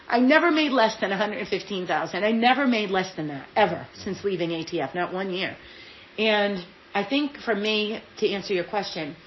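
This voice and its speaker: A woman's voice: mid-range voice, a little hiss or hum. A middle-aged woman from Massachusetts, an interview guest telling motivational stories emphatically and acting out the voices of people she quotes. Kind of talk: motivational storytelling in conversation. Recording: echoey room, slightly dull sound, faint ambience.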